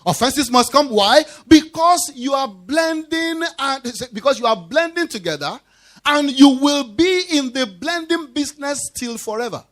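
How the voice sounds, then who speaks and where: A pastor preaches a sermon in church in an extremely high, expressive voice with a fairly bright tone and a measured pace. He is emphatic, drives his point home by repeating key phrases, and puts call-and-response questions to the congregation.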